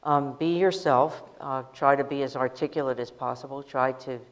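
American woman panelist, blunt and wry, long hall echo around her. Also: extremely low pitch. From United States. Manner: frank, joking, quick asides. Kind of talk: panel discussion.

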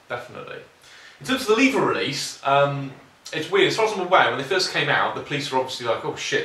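A man's voice: medium pitch, fairly bright tone, far from the mic. A British man casually answering viewer questions on his shooting channel, rambling with lots of ums and informal asides. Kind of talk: casual Q&A chat. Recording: roomy, off-mic, faint hiss.

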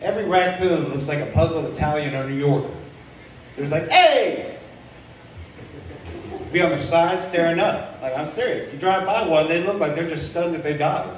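A young man on a comedy club stage, talking in a rambling, crude, self-mocking way with a slightly higher voice than most men. The sound bounces heavily around the room and is picked up from a distance, with faint ambience underneath. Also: fairly quick, slight background noise. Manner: rambling, filler-heavy, crude and self-deprecating. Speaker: stand-up comedian. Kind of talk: stand-up comedy set. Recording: very echoey club room heard from far off.

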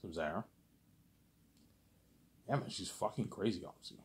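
A man with a fairly low voice rants in a long, rambling monologue. He repeats himself constantly and swears freely, his agitation rising and falling as he talks. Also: a little slow, a little mellow. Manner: repetitive, profane, agitated ranting. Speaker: vlogger.

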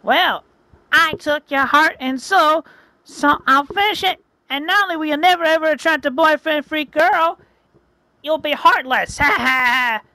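High cackling witch villain, as a man puts her on, gloating, theatrical, shrill and bright. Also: measured pace, dry recording, exaggerated voice, poor audio. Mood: gloating, menacing. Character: cackling evil adult female witch villain.

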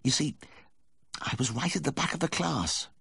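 A man's voice: a little high, moderate pace, creaky, fairly bright tone, slightly rough, no room sound, voice pushed up, exaggerated voice. A man voicing a nervous young male veterinary student who stammers and hesitates, in a dry, close audiobook reading. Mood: sheepish.

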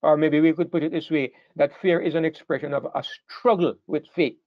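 Emphatic male preacher, slightly high voice. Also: fairly even intonation, brisk, dry recording, dull audio. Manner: emphatic, repeats words and restarts phrases. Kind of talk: sermon.

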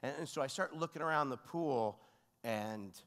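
A man preaching as a guest pastor, telling a story and acting out the voices, dropping to a hush and then rising to loud cries. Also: medium pitch, moderate pace. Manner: animated, acts out voices, swings between hushed and shouting. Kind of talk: storytelling sermon. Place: large church hall. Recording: long hall reverb.

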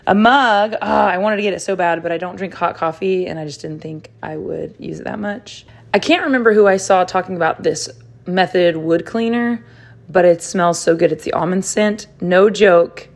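A woman's voice: lowish voice, normal speed, vocal fry. A young woman vlogging casually, chatting in a rambling, candid way as she runs weekend errands. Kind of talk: casual vlog chat. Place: parking lot, then store.

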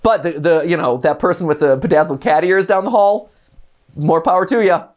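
A man hosting a gaming stream, telling an animated, casual story full of quick asides and restarts. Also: on the high side. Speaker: host. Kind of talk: casual chat before a gameplay stream.

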